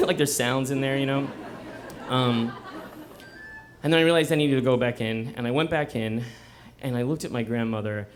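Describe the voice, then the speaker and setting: A man's voice: mid-range voice, a little hiss or hum. Man telling a self-mocking story live. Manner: conversational and self-mocking, breaks into laughter. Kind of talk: live first-person storytelling. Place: bookstore event before a live audience.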